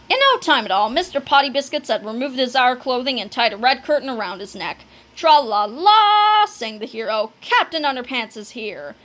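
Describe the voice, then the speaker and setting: A woman reading a children's book aloud, telling the story with animated delivery and dramatic sound words. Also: high voice. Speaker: narrator.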